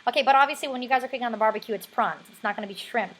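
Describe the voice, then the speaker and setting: A woman's voice: on the high side, racing, background noise. A woman hosting a casual interview, bubbly and chatty. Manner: bubbly, chatty, lots of fillers. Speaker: interviewer, host.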